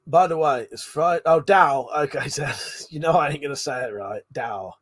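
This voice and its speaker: A man's voice: a little high, moderate pace, slightly rough, no echo, clean studio sound. A British man hosting a casual late-night livestream. He is tipsy, laughs often, swears freely and reads chat comments aloud. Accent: British English. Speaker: livestream host.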